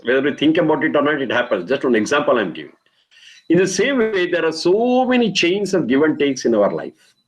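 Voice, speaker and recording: A man's voice: a little high, rough recording. A middle-aged man, teaching a lecture on Vedic mantras, explaining patiently and repeating key phrases.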